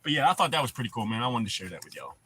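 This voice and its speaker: A man's voice: medium pitch, very animated, racing, bright, forceful tone, husky. A man hosting a casual livestream, rambling in a laid-back way and swearing often. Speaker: livestream host.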